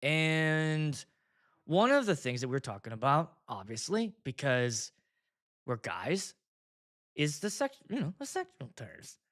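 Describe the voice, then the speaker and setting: A man's voice: fairly high pitch, big pitch swings, takes it slowly, fairly bright tone. A man, a DJ hosting his own show, telling a rambling, profane story. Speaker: DJ and show host. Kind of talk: casual storytelling vlog.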